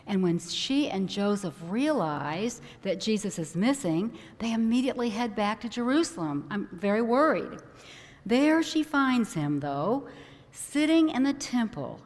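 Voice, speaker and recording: Woman preaching in a reverberant hall. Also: mid-range voice. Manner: conversational, animated when acting out a worried parent. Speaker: minister. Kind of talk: sermon.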